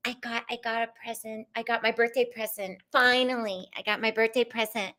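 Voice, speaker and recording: A woman's voice: fairly high pitch, level tone, brisk, few pauses, pushed and bright. A woman hosting a live tarot stream, gushing and greeting viewers by name in casual chat.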